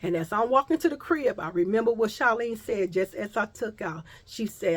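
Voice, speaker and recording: A woman telling a personal story in a casual vlog, animated and profane, talking straight to her viewers. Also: mid-range voice, moderate pace, few pauses.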